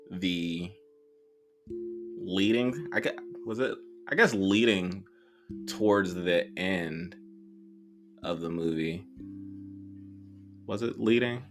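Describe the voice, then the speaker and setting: A man co-hosting a casual horror movie podcast, talking bluntly with lots of slang. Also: deep voice. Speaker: podcast co-host. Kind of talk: casual movie review chat.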